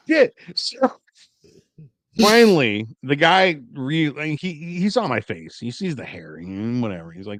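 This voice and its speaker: Guy in his 40s on a podcast telling stories, big swings in pitch, dry sound. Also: slow, pauses often, no echo. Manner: animated, acts out quoted lines loudly. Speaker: podcast co-host. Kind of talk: casual storytelling chat.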